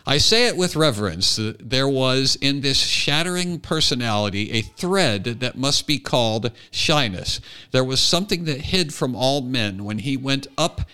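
A man hosting a comedy podcast, joking and laughing with his co-host, then reading a long quote aloud deliberately. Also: medium pitch, expressive, pushed and bright, smooth. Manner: jokey, laughs often, reads aloud deliberately. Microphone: podcast microphone.

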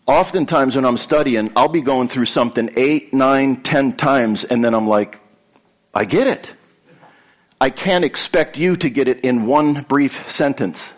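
A man's voice: mid-range voice, a little slow, highs cut off. A man preaching a sermon to a congregation in a conversational way, telling anecdotes and repeating key points for emphasis. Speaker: pastor.

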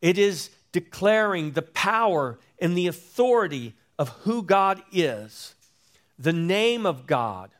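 Delivering a sermon, this pastor's slightly higher-than-typical male voice is slow and deliberate, and he stretches words out and repeats important phrases. Big pitch swings carry his voice upward before it sinks soft and low at the end of a thought.

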